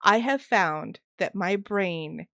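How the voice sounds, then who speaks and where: A woman co-hosting a podcast in loose, friendly chat, playful and quick to poke fun at herself. Her pitch sits in an ordinary middle range. The sound is close and dry, with no room around it. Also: expressive, vocal fry, a bit bright, no echo. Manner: playful, self-mocking, laughs often. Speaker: podcast co-host. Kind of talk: casual chat.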